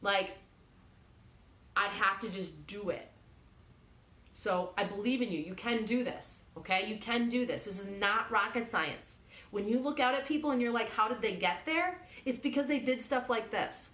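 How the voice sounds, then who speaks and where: A woman's voice: mid-range voice, expressive, normal speed, fairly bright tone, reverberant. A woman hosting a motivational radio show, talking casually and directly to her listeners, coaxing them with lots of "like" and "okay".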